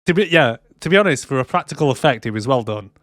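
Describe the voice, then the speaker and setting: A man's voice: medium pitch, expressive, fast talker, fairly bright tone, no echo, clean studio sound. A man co-hosting a movie podcast, chatting casually, swearing freely and retelling scenes. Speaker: podcast co-host. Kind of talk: casual chat.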